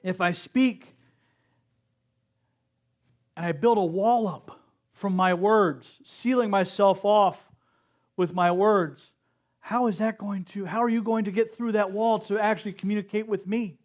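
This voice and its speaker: Male speaker, middle-aged, higher register, slow earnest sermon delivery. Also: fairly even intonation. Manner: slow, earnest preaching with acted-out quotes. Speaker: speaker at a spiritual center service.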